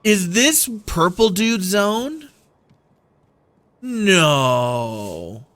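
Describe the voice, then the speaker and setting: Animated, bright-voiced male game streamer. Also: high voice, very slow. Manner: rambling, playful, self-deprecating. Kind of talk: casual gameplay commentary.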